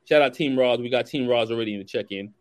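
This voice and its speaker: Animated New man telling stories. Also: mid-range voice, quick pace. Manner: animated storyteller who acts out dialogue, slangy. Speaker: podcast host. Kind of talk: casual chat.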